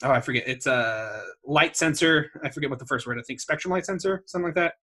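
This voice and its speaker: A man with a bright, forward voice and a husky edge, pitched a touch high for a man. He tells a story as a podcast co-host, wry and loose, swearing freely and laughing at his own cynicism. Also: fast. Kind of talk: casual storytelling chat.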